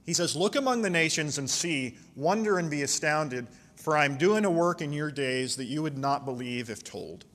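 A man's voice: fairly high pitch, expressive, a bit bright. Impassioned male preacher in a reverberant sanctuary. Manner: impassioned, dramatic readings with slowed emphasis. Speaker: pastor. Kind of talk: sermon.

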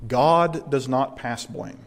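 A male pastor delivering a sermon in an earnest, emphatic voice, deliberately slowing down on the lines he wants to land. His voice has a mid-range pitch, and the long reverb of a large hall trails behind every phrase. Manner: earnest, emphatic, slows down for key points.

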